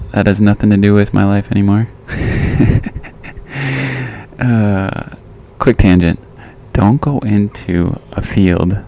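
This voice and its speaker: Slow, gravelly-voiced Midwestern man. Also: lowish voice, dark tone, a little hiss or hum. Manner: joking, laughs at himself, goes off on tangents. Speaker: podcast host. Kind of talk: casual solo podcast monologue.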